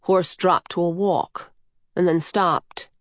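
A woman reading a novel aloud in measured, even storytelling. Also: lowish voice, no room sound, studio quality. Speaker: audiobook narrator. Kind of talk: scripted narration.

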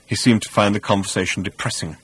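A man narrating a comic science-fiction audiobook in a wry, measured way. His voice sits low with a husky grain. It is recorded close and dry, with no room sound. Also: steady tone, a bit bright, no room sound. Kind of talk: scripted narration.

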